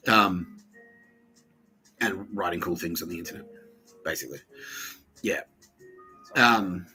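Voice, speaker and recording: A man's voice: deep voice, pushed and bright, poor audio. An Australian man hosting a podcast, telling a rambling, crude story full of swearing and muttered asides. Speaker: podcast host. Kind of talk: rambling profane monologue.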